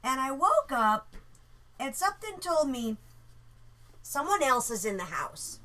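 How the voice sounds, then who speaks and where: A woman casually telling a story about a dream, animated and swearing freely. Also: sits high, measured pace.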